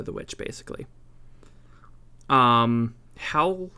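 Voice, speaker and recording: A man's voice: medium pitch, gravelly, bright, forceful tone. A young man co-hosting a casual podcast, recapping a movie from his notes in an easygoing, jokey way. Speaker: podcast co-host.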